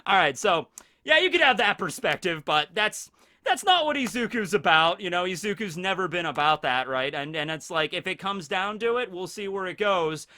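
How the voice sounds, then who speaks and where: Male vlogger reviewing anime, bright and forceful, energetic casual commentary. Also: high voice, moderate pace. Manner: energetic, animated, chuckles between points.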